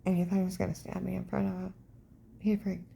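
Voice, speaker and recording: A middle-aged woman with a lowish voice talks straight to camera in an intense, rambling monologue. She piles one claim on the next and keeps checking in with the listener by asking "okay?". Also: little pitch movement, quick pace, vocal fry, dark tone, slight background noise. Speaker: vlogger.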